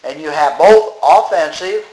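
A man preaches in a plain, conversational way, slowing down to lean on key words when he reads scripture. His voice sits a touch high for a man. The sound is roomy, with the echo of a church sanctuary. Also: expressive, a little mellow. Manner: plain-spoken, reads scripture slowly with emphasis. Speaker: pastor. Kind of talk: sermon.

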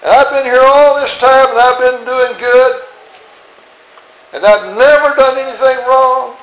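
A man preaching, voicing a resentful, self-righteous elder brother who complains in an indignant, drawn-out way. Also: very high voice, steady tone, a bit bright, voice pushed up. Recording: roomy echo.

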